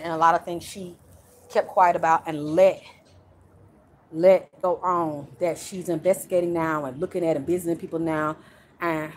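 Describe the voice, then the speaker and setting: A woman's voice: on the low side, a little hiss or hum. A woman working as a spiritual medium, channeling in a casual livestream from outdoors in her yard, rambling along with frequent sighs and small laughs.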